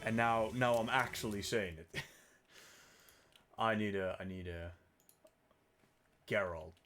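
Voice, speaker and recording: A man's voice: lowish voice, takes it slowly, a bit bright, soft background music. Joking, swearing game streamer man. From Netherlands. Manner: joking, self-mocking, swears often. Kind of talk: casual live gameplay commentary.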